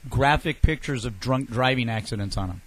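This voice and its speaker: A man's voice: mid-range voice, brisk, fairly bright tone. A man co-hosting a casual podcast, bantering and joking with his co-hosts. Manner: jokey, acts out little voices in his stories. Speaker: podcast co-host.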